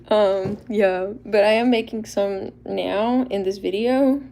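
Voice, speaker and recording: A woman's voice: medium pitch, fairly even intonation, takes it slowly, gravelly, dark tone. A young woman, chatting casually and a little shyly on a livestream, laughing often as she shows handmade toy figures. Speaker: livestream host showing custom toy figures.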